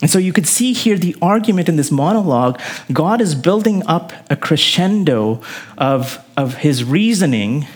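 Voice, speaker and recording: A man delivers a sermon with a slightly higher voice than most men. He preaches earnestly, pushing up on key phrases and then sinking to low, quiet endings. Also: sing-song, moderate pace, husky. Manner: earnest preaching with rising emphasis and sudden drops. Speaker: pastor.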